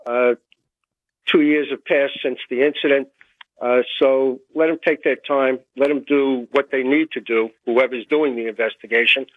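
A man gives guest commentary by phone on a talk radio show, pausing often with fillers. The line is tinny and phone-like, with no room echo. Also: medium pitch, fairly even intonation. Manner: hesitant, many fillers.

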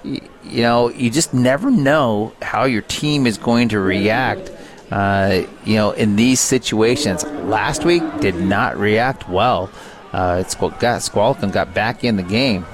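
A man's voice: lowish voice, slow pace, crowd noise. Brief male color analyst, rambling, lots of "you know", casual radio chat. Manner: chatty, many fillers like you know and uh. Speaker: color commentator. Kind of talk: radio sports color commentary.

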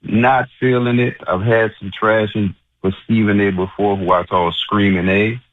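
A man's voice: fairly low pitch, steady tone, normal speed, no echo. A man calling in to a radio show, indignant and complaining. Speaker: caller. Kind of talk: call-in rant. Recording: tinny phone line.

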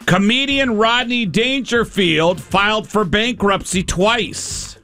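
A man's voice: high voice, slow, pushed and bright, faint music behind. A man hosting a call-in trivia game on the radio, playful and teasing as quizmaster.

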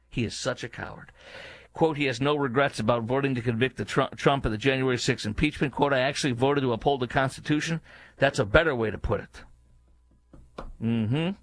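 On his political commentary show, a male host launches into an indignant, emphatic monologue full of opinion. His pitch and volume shoot upward, then sink into low, muttered asides.

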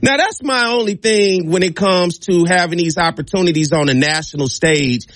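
Man, high voice, emphatic host monologue, dry close sound. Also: moderate pace, a bit bright, no room sound. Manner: emphatic, preachy, addresses listeners directly. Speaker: show host. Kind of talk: passionate opinion monologue.

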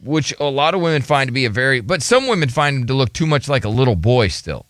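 A man's voice: medium pitch, animated, fast talker, fairly bright tone, no room sound, studio quality. A man hosting a casual talk show, reading chat comments aloud and joking with his co-host.

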